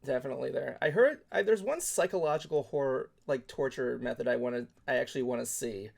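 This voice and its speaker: A man chatting on a talk show in a mid-pitched voice with a gravelly, creaky edge. He rambles and circles his points, leaning on filler words. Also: fast talker. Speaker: podcast co-host. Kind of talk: casual chat.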